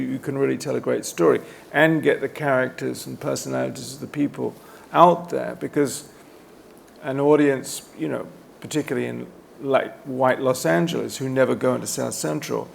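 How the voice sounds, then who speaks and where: A documentary filmmaker speaking on a festival panel in a relaxed, reflective way, with frequent "you know"s. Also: male voice, mid-range voice, creaky, a little hiss or hum. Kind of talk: casual panel discussion.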